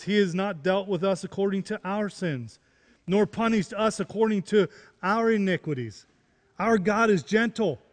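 A man's voice: sits high, long reverb tail. A man preaching a sermon, repeating key phrases and rising into emphatic questions. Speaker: pastor.

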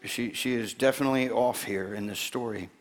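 A male pastor giving a conversational sermon and reading scripture, slowing down to stress his points. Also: mid-range voice. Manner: conversational preaching, slowing down for emphasis. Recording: long reverb in a large hall.

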